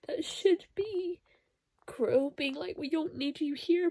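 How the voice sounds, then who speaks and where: A woman's voice: sits high, slow, mellow, no room sound. A young woman chatting through a reading vlog, reacting with emotional exclamations. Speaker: book vlogger.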